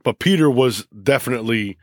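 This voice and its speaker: A middle-aged man, a high school football coach, telling stories emotionally in a casual interview, with many restarts and repeats. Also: fairly quick, a little mellow, no room sound, studio quality.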